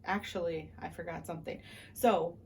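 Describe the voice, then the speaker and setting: A woman's voice: fairly low pitch, moderate pace, slight background noise. Woman vlogger retelling a car crash. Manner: animated retelling, acting out quoted voices. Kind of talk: casual storytelling to camera.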